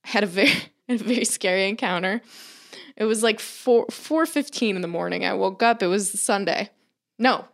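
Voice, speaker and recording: A woman's voice: mid-range voice, normal speed, gravelly. A young adult woman co-hosting a podcast, telling a story in casual chat with dramatic quoted asides and plenty of swearing. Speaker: podcast co-host.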